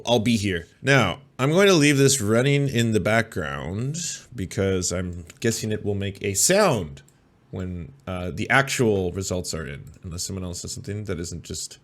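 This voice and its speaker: A man's voice: deep voice, lively intonation, unhurried. A man with a Canadian accent hosting a live commentary stream, sarcastic and profane, with many filler sounds. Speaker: host.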